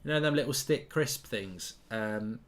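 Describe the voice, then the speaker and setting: Speaking in a mid-range voice at a measured pace, this man runs a live football watchalong. He chats bluntly and reads out comments from viewers, keeping it casual and stream-style.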